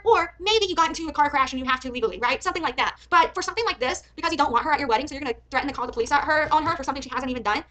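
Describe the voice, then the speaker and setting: A woman's voice: sits high, very fast, few pauses, bright, forceful tone, rough recording. A woman streamer giving heated reaction commentary, often swearing and ranting angrily. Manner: heated, swearing, angry rants.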